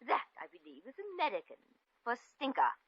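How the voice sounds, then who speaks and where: A woman's voice: fairly high pitch, sing-song, a little fast, breathy edge, no echo. An actress playing a jealous, haughty upper-class English lady with clipped, cutting speech in a 1940s radio drama. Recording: lo-fi vintage radio recording.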